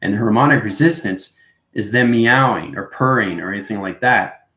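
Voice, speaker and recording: A man's voice: lowish voice, normal speed, bright, forceful tone, echoey room, rough recording. A man hosting a casual spiritual monologue, rambling and checking in with "right?" and "you know what I mean" after nearly every point. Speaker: spiritual video host.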